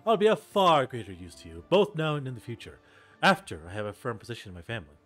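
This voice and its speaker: A man voicing a polite, eager young male noble heir with a smooth, earnest manner, reading game dialogue aloud. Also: mid-range voice, big pitch swings, quick pace, faint music behind. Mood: persuasive.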